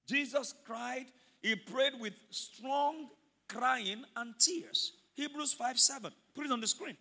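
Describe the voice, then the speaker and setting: A man preaching a fervent sermon in a church, often shouting and calling on the congregation to repeat after him. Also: very high-pitched, slow, vocal fry. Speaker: pastor. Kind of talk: sermon with call-and-response. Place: church service.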